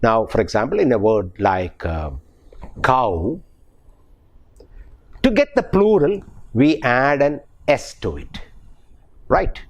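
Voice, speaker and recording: A man's voice: mid-range voice, expressive, slow pace, long pauses. A man with a Malayali English accent, a professor giving a recorded pronunciation lecture, who repeats and restarts his phrases and spells out example words letter by letter. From Kerala, India.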